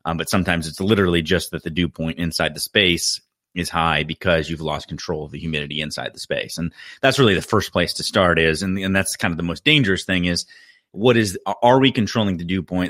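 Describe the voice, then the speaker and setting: A very low, forceful male voice delivers a practical HVAC explanation, often pausing to correct his own wording. The sound is dry and close, with no room echo. He talks like a contractor sharing field experience on a podcast. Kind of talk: podcast technical talk.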